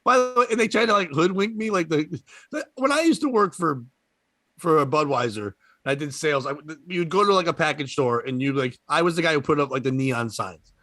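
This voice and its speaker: A man's voice: a little high, animated, fairly quick, bright, forceful tone, dry recording. A young adult man telling rambling, profane comedic stories in casual chat, laughing often. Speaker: podcast guest storyteller.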